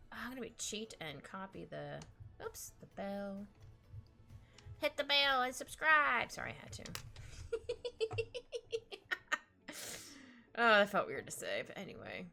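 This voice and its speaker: Young woman, a giggly, rambling art streamer, lively pitch, soft music behind. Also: slow, vocal fry, pauses often. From Canada. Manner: giggly, rambling, playful asides. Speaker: streamer drawing live. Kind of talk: casual chat while drawing. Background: faint music playlist.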